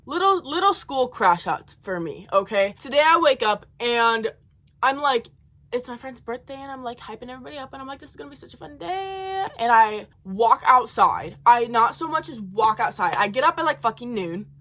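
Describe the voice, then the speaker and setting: A woman's voice: fairly high pitch, lively intonation, normal speed, a bit bright. A young woman in college telling a profane, heated storytime rant in her own rambling way. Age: young adult. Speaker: college student vlogger.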